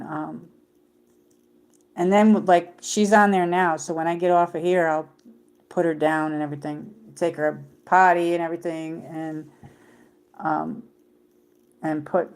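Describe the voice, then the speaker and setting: A middle-aged woman hosts a livestream, chatting casually and rambling with many fillers and restarts. Her voice is low-pitched and a little mellow, with vocal fry.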